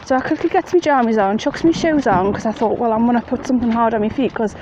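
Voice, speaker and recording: A woman's voice: fairly high pitch, quick pace, highs cut off. A woman telling a ghost story in a chatty, plain-spoken way, outdoors at night in the rain. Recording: faint rain noise behind.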